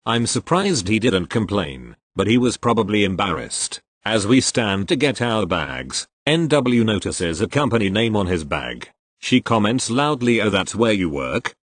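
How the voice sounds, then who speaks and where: This is a text-to-speech male voice narrating online posts in a steady, mechanical cadence. It sits a little low in pitch. It reads symbol and emoji names aloud without any change in tone. The sound is dry and close, with no room in it. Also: measured pace, no echo. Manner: even synthetic reading that speaks symbols and emoji names aloud. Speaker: story narrator.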